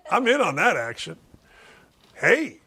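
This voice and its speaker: A high-pitched older man hosts a sports talk show with a blunt, mocking edge. He jumps from loud jabs down to low, grumbling mutters. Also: wildly swooping pitch, takes it slowly, husky. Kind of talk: opinionated sports talk rant.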